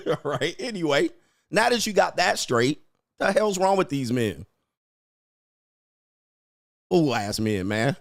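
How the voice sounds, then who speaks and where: A man's voice: fairly high pitch, sing-song, slow pace, vocal fry, long pauses. A male livestream host giving brash, profane, combative commentary and laughing often. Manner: frequent laughter.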